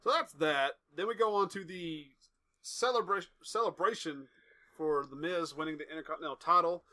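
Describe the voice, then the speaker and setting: A man's voice: a little high, normal speed, sharp tone. A young man co-hosting a podcast, casually retelling wrestling segments in a rambling way. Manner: rambling storyteller, acts out quotes. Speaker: podcast co-host. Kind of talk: casual chat recapping wrestling.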